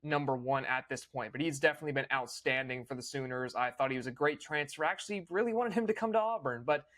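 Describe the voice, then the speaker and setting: A young man hosting a casual recap, opinionated and fluent, with quick small restarts. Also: medium pitch, a bit bright. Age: young adult. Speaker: host.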